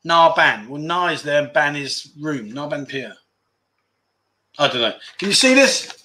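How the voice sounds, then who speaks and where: A man's voice: on the high side, big pitch swings, a little slow, bright, forceful tone. A man hosting a casual livestream, reading viewer comments aloud and chatting with enthusiasm, often repeating words for emphasis. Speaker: livestream host.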